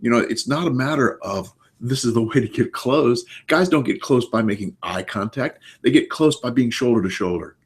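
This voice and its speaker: A man in his sixties speaking as a therapist guest in a casual chat, with a mid-range pitch. He explains his points with emphatic anecdotes. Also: moderate pace, hardly any pauses.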